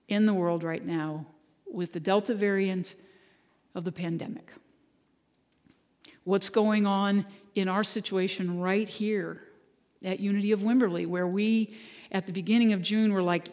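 Minister at the pulpit, easygoing storyteller, mid pitch, long hall echo. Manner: conversational storytelling with gentle humor. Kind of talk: sermon. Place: church sanctuary.

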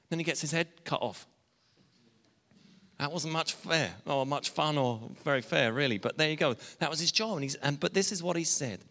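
A man's voice: mid-range voice, fairly bright tone. A man preaching a sermon as pastor, talking conversationally with asides and restarts. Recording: long reverb of a church hall.

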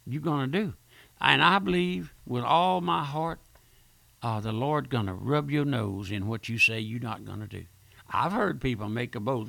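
A man's voice: mid-range voice, expressive, moderate pace, creaky, pushed and bright, no echo. An older man preaching a fervent radio sermon, repeating himself and calling listeners "my friend".

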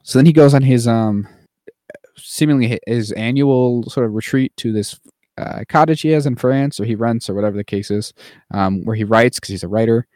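A man co-hosting a chatty podcast, rambling through a film recap with plenty of ums, now and then breaking into a mocking high voice. His voice sits at a middling pitch. The recording is dry and close. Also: moderate pace, a little mellow, dry recording. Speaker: podcast co-host. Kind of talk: casual chat.

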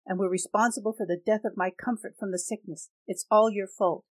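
A woman's voice: mid-range voice, steady tone, fast talker, darkish tone, natural voice, poor audio. A woman voicing a bitter, grieving village widow in an audiobook reading, blunt and raised.

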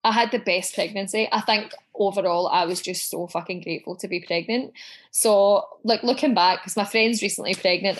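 A woman as a podcast guest, telling stories in a lively way and swearing as she goes. Her voice sits in a middle pitch, and she acts out what she said back then with plenty of drama. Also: brisk. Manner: animated storyteller, swears freely, acts out her own quotes. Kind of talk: casual chat.

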